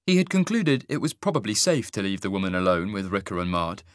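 Measured male audiobook narrator. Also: fairly low pitch, very animated, no room sound, studio quality. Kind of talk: scripted fantasy narration.

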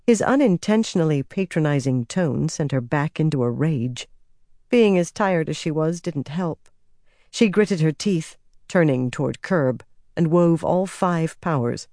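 A woman reads fantasy audiobook narration at a measured, steady pace. Her tone is dark and mellow. The recording is dry and close. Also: deep voice, dry recording.

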